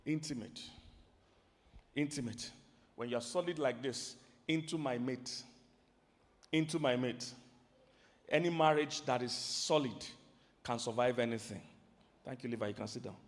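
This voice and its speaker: A man with a Nigerian accent preaching a sermon to a live audience, animated and quizzing the crowd. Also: mid-range voice, normal speed. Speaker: pastor and relationship teacher. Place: large hall with a live audience. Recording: long hall reverb.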